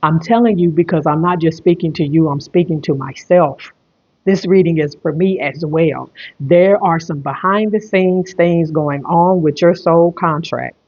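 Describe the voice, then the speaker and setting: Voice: medium pitch, measured pace, a little mellow, muffled recording. A tarot reader and medium giving an online reading, repeating phrases emphatically in a rambling flow.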